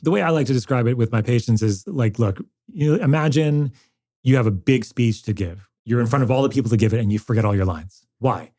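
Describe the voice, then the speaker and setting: A man's voice: mid-range voice, fast, mellow. A man, a doctor, explaining energetically as a podcast guest and acting out his patients. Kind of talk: explanatory interview talk.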